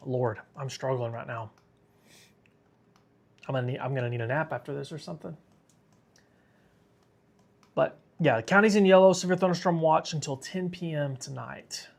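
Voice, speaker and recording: A man's voice: a little high, normal speed, gravelly, long pauses. A man hosting a live severe weather stream, tired and sick, talking casually and reading viewer comments aloud. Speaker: weather livestream host.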